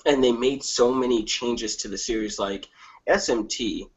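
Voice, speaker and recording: A man's voice: mid-range voice, moderate pace, husky, muffled recording. A man in a casual gaming podcast, ranting with lots of swearing and comic asides. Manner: profane, animated ranting with comic impressions. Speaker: podcast panelist.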